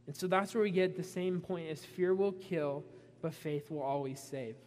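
A man preaching a sermon, retelling a story with animated asides and voicing the characters' frustration. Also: on the high side, normal speed. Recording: long reverb in a hall.

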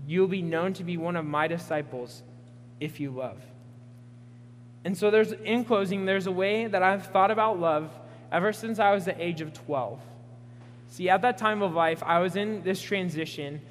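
Young male preacher, earnest, personal storytelling, slightly high voice, long hall reverb, faint hum. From Pacific Northwest US. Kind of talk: sermon.

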